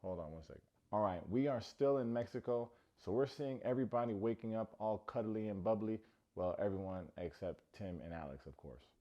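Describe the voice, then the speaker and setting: Man, low-pitched, sarcastic recap host, jokey, slightly muffled lo-fi sound. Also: a little fast, warm tone. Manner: playful, sarcastic, jokey asides. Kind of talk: comedic TV recap commentary.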